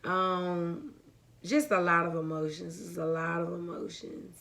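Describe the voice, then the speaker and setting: Bright-voiced young woman telling a story. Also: fairly low pitch, a little slow, creaky. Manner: chatty, rambling, addresses viewers as y'all. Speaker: vlogger. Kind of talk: casual story time to viewers.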